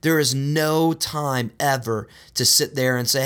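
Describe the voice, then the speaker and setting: A man's voice: medium pitch, measured pace, hardly any pauses, fairly bright tone, smooth. A man preaching a sermon in an earnest, direct way, often calling his listeners "guys" and repeating words for emphasis. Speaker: pastor.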